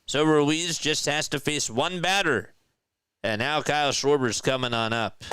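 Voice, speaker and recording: A man streaming live play-by-play of a ball game, chatting with viewers between pitches and getting excited on big hits. He sounds tired and yawns now and then. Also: a little slow, smooth, dry recording. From South Jersey, US. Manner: chatty, reads viewer comments aloud, rises to excited calls on big plays. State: tired, yawning. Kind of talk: live fan play-by-play with chat reading.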